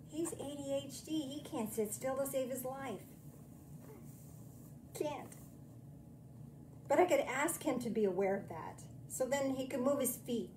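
Mellow-voiced woman preaching gently. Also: fairly high pitch, slight background noise. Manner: chatty, self-deprecating storytelling; slow, soothing meditation guidance. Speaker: minister. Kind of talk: sermon and guided meditation.

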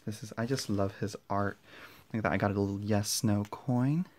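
A young man unboxing and walking through a card deck at home, excitable and gushing, often dropping to a hushed voice so his family won't hear. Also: fairly low pitch, brisk, slight background noise. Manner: excitable, gushing, drops to whispers; talks quietly with family nearby. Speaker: tarot vlogger. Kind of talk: casual unboxing vlog. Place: indoor room at home.

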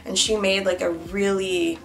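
A woman's voice: mid-range voice, little pitch movement, measured pace, vocal fry, soft background music. A young woman from Canada narrating a casual vlog with gushing, emphatic fan talk. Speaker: beauty vlogger.

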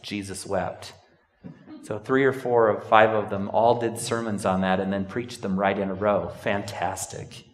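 A man preaching a sermon in a church, telling a story and breaking into sudden emphatic outbursts. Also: lowish voice. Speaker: pastor. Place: church sanctuary. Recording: echoey church hall from a distance.

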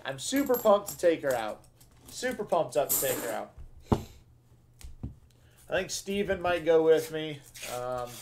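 Slow-talking excitable man hosting a live stream. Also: on the high side, slight background noise. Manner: excitable and slangy, with loud bursts over finds. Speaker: host of a live coin-roll hunting stream. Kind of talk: casual live-stream chat to viewers.

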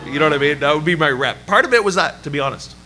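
Bright-voiced man telling a sermon story. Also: on the high side, very fast. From Canada. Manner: animated, self-deprecating storytelling with laughs. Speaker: pastor. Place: church service.

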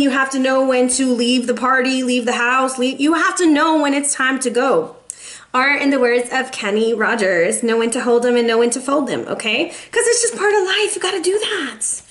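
Woman tarot reader, casual chat to camera, encouraging, somewhat high voice, a little teary. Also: a bit bright. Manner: chatty, encouraging, calls viewers baby. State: emotional, close to tears.

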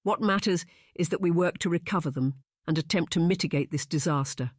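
A narrator voicing a careful, pragmatic middle-aged gentleman in a period audiobook. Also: medium pitch, dry recording, clean studio sound, close to an everyday voice. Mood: measured. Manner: careful, measured, quiet. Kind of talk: audiobook character voice.

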